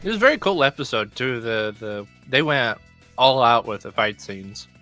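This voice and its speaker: A guest on a stream chatting casually, laughing often and speaking with enthusiasm, with quick restarts. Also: mid-range voice, animated, sharp tone, soft background music. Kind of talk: casual chat.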